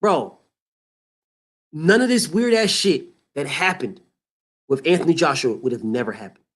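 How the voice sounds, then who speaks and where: A man with a high voice for his sex rants about boxing as a show host. He is heated and profane, and he hammers the same point again and again. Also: expressive, normal speed, fairly bright tone. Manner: heated, emphatic, profane, repetitive. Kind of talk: boxing commentary rant.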